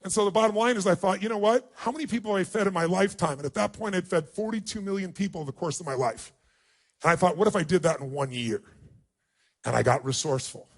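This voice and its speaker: A man giving a motivational speech, telling a personal story with emphatic, emotional delivery. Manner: emotional, emphatic storytelling with big pitch swings. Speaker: motivational speaker.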